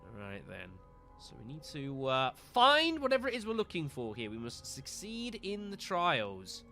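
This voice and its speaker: A man's voice: on the high side, wildly swooping pitch, moderate pace, sharp tone, soft background music. A man streaming a game live, talking to viewers as folks and getting exasperated at missed shots. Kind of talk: live gameplay commentary.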